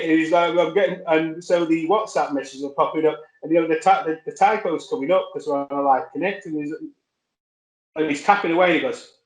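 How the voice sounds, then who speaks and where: A man spins casual, meandering anecdotes, correcting himself as he goes. His voice sits a little high. The recording has a roomy echo. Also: steady tone, fairly quick. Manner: rambling, self-correcting storyteller. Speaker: podcast guest.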